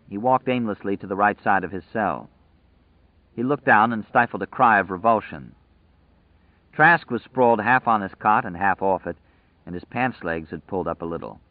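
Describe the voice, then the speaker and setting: A man narrating a story in a measured, vivid storytelling manner, over tinny phone-like audio. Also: on the low side, dry recording. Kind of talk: scripted narration.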